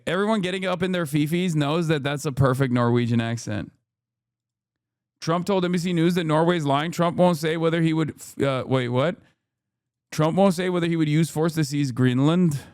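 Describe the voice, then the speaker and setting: A male political streamer reacting to the news in casual, animated commentary, ranting in disbelief. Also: a little high, smooth, dry recording, studio quality.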